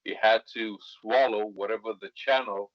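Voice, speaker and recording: Low-voiced male actor guest, english not his first language, lots of uh and right?, dry dull audio. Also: steady tone, moderate pace, no room sound. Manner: rambling, many fillers and tag questions. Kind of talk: casual interview chat.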